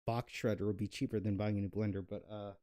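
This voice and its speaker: Rambling young man with a mellow voice. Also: lowish voice, little pitch movement, fast talker. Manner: rambling, self-mocking, many fillers. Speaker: cooking channel host. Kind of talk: casual cooking vlog chat.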